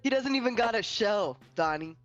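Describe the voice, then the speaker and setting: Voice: mid-range voice, animated, normal speed, a bit bright, muffled recording, soft background music. A player trading teasing banter in character during a tabletop game. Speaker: player voicing Raph. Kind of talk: in-character tabletop role-play.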